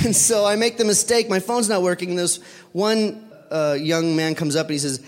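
A man's voice: high-pitched, moderate pace. A man telling a personal story to an audience, rambling and correcting himself with many fillers. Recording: long reverb of a hall.

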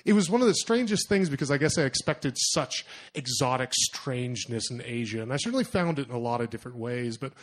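A young man telling a personal story to an audience, animated and self-mocking, acting out his own thoughts in asides. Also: medium pitch, fast talker. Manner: animated, self-mocking, lots of fillers and acted-out inner voices.

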